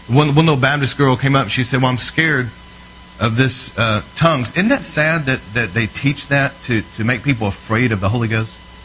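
A man's voice: medium pitch, a bit bright, a little hiss or hum, poor audio. A man preaching a sermon in a conversational, storytelling way, often checking in with his listeners, earnest and emphatic.

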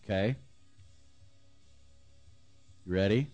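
A pastor leading his congregation in a fervent sermon prayer, calling out lines for them to repeat and sometimes dropping to a hush. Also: lowish voice, fast, soft background music. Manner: fervent, leads call-and-response prayers, drops to whispers.

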